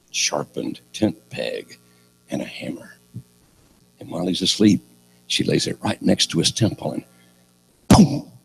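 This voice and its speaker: A man's voice: fairly low pitch, vocal fry. An older man preaching a sermon, telling a story with sarcastic humor and acting out the characters.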